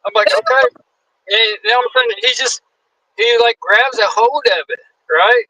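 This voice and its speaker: A man in his forties, a guest wrestler, telling a story in a casual, animated way, acting out the quotes and swearing freely. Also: very high-pitched, moderate pace, no room sound, poor audio. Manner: animated, acts out quotes in shifting voices.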